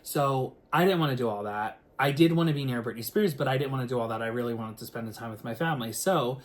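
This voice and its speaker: A man, a singer, telling a story to the camera in a casual, animated way, full of filler words and the odd swear word. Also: mid-range voice, fast talker.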